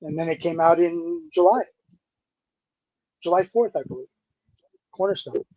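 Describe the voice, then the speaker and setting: A higher-pitched man of about sixty chats easily as an interview guest, animated and loose with plenty of casual fillers. His voice comes through a remote call in dull, slightly lo-fi sound. The audio is dry with no room echo. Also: unhurried. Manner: animated, laid-back, uses dude and you know a lot. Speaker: guest musician. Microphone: remote streaming call.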